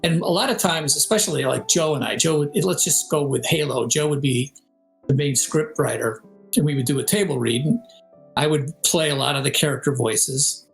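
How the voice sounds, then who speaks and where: A man's voice: a little high, moderate pace, gravelly, soft background music, poor audio. An older man, a game composer and audio director, talking casually in an interview. He tells stories with energy, sings melodies and imitates voices. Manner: animated storyteller, sings melodies and mimics voices. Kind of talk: casual interview over video call.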